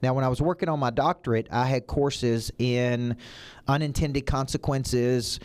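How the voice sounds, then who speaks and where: A man coaches his audience through a motivational talk in a voice of ordinary, middling pitch. He talks emphatically, stacking short phrases in punchy repeated lists. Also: fairly even intonation, normal speed, darkish tone, smooth. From United States. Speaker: business coach.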